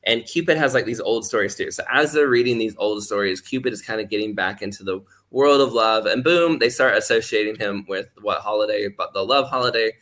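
A man's voice: on the low side, brisk, few pauses, fairly bright tone. A man chatting as a podcast guest, rambling with lots of "like" fillers and acting out quoted voices as he explains. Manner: rambling, heavy use of "like" fillers. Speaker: guest speaker. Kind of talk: casual podcast chat.

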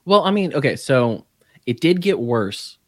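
Laid-back man with a lively voice. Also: mid-range voice, a little slow, no echo, studio quality. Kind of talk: casual podcast chat.

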